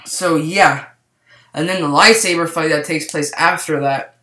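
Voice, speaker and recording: A man giving a casual movie review to camera, rambling and excited, with lots of "like" fillers. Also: fairly high pitch, a little slow. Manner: rambling, excitable, heavy use of "like". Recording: roomy echo.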